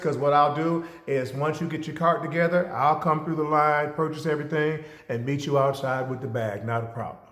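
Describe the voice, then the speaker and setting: A man giving a storytelling lecture, animated and asking rhetorical questions. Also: on the high side. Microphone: camera. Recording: roomy echo.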